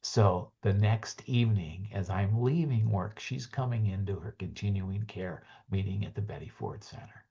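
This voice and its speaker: A man speaks in a low, mellow voice with a husky edge, earnest and gentle as he closes a webinar with a story. His delivery slips into soft, hushed stretches, and the audio sounds dull and lo-fi. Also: moderate pace, hardly any pauses. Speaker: webinar presenter. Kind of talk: heartfelt closing talk with a story.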